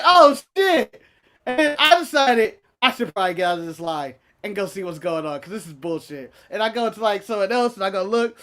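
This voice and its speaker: A man co-hosting a casual wrestling chat show, telling a long story in an animated, profane way and laughing through it. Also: extremely high pitch. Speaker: podcast co-host.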